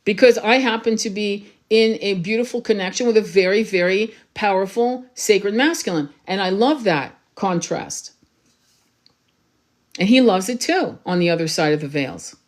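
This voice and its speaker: A woman's voice: medium pitch, normal speed. A woman tarot reader, raised in France, talking passionately and urgently to her livestream viewers, swearing freely and repeating herself for emphasis.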